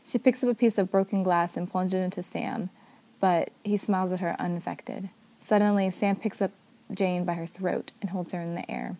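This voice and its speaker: A woman narrating a story aloud in a steady, even manner. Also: fairly low pitch, normal speed. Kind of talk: story reading.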